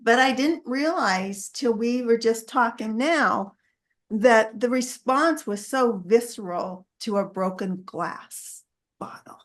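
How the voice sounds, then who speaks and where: A woman with a somewhat high voice speaks in a casual meeting conversation. She tells a personal story in a reflective, open way.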